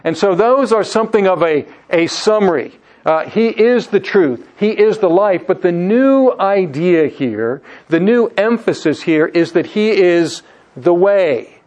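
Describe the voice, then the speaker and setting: Brief: male pastor, slightly higher voice, measured sermon delivery, slows down on key words. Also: expressive, a little mellow.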